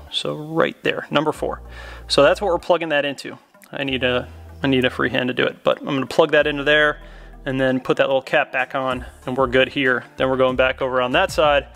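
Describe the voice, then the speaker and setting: A car modification YouTuber talks through a relaxed tutorial on trim work from inside a car, easygoing, talkative and enthusiastic. His voice is medium-pitched and a bit bright.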